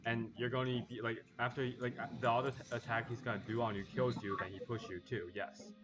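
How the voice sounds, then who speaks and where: A man streaming a video game, chatting casually with friends, laughing often and trailing off quietly. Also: medium pitch, flat delivery, a little fast, over music. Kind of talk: casual chat while gaming.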